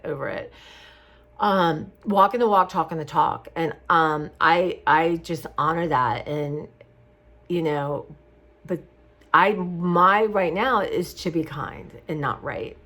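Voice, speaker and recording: A woman's voice: fairly low pitch, fairly bright tone. A middle-aged woman talking casually and from the heart to her viewers in a rambling vlog. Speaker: craft vlogger. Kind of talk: casual chat to camera.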